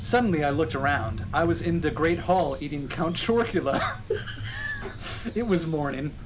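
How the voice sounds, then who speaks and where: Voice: medium pitch, lively intonation, moderate pace, background noise. A podcast co-host doing a comic dramatic reading of a story, stopping often for laughing asides. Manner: reads with frequent laughing asides.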